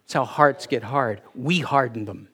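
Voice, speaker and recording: A man preaching a conversational sermon, asking rhetorical questions and pausing for emphasis. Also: medium pitch, pushed and bright, husky. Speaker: pastor.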